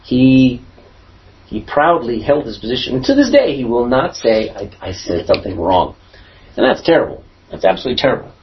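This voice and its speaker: Guy teaching bible class, asks people questions, bouncy animated voice, kinda muffled lo-fi sound. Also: mid-range voice, fairly quick. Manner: asks the class questions, lively emphatic delivery. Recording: dull lo-fi recording.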